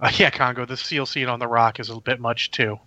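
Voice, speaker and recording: Man, casual movie review chat, rambling and opinionated, bright forceful voice, dry dull lo-fi sound. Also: medium pitch, steady tone, a little fast, dry recording. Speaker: movie review podcast host.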